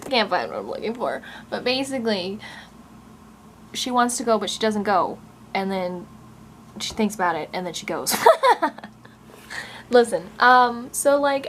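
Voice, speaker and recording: A woman in her twenties rants to her camera at home, rambling and sarcastic, often breaking into small laughs. Her voice sits at an ordinary middle pitch. A faint background hum runs under the recording. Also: very animated, normal speed, long pauses. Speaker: novelist and vlogger. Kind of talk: casual rant vlog. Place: room at home, growing dark. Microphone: camera mic.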